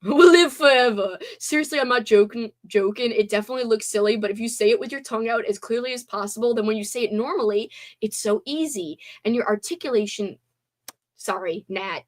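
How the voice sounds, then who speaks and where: A woman's voice: on the high side, a little fast. A young woman hosting a livestream, bubbly and giggly as she chats with viewers, still tired after a sleepover. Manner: bubbly, giggly, reacts to chat. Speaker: livestream host. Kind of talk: casual livestream chat.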